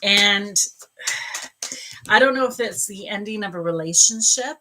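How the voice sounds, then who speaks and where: A woman's voice: medium pitch, measured pace, background noise. A woman hosting a live stream as a psychic reader, chatting and greeting viewers by name between angel card readings.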